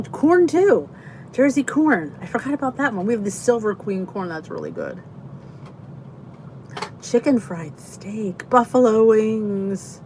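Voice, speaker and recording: Slow-talking woman chatting live. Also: a little high, slight background noise, low-quality recording. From Philadelphia, Pennsylvania. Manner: chatty, drawn-out exclamations, greets viewers by name. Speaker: host of a live chat stream. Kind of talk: casual live-stream chat reading comments.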